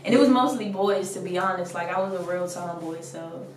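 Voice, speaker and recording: A woman's voice: lowish voice, brisk, distant mic. Blunt, laughing young woman. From Washington DC area. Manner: blunt, laughs often, says "like" a lot. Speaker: rapper guest. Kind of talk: casual interview. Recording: echoey room, speaker off mic, faint noise.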